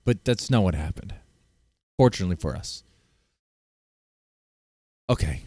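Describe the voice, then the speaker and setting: A man's voice: sits low, expressive, a little slow, dark tone, dry recording. Guy streamer reacting to clips, crude jokes, voice all over the place, super dry close mic. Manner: joking, crude, rambling with restarts. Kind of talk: casual reaction commentary.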